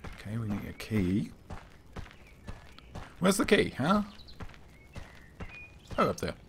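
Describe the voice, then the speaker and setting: A slightly hoarse man giving casual, wry let's-play commentary as a gaming channel host. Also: medium pitch, wildly swooping pitch, slow pace, slight background noise. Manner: wry and offhand.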